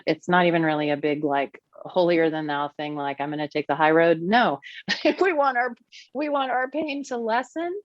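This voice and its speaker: Woman guest, low voice, earnest and teacherly, dry close sound. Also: dry recording, dull audio. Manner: earnest and explanatory, with laughs. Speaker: podcast guest, therapist and teacher. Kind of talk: podcast conversation.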